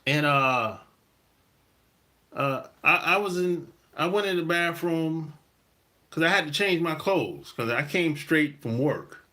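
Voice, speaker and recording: A man's voice: a little high, expressive, slow pace, sharp tone. A middle-aged man hosting a podcast, talking in a casual, rambling monologue full of slang and laughs. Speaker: podcast host.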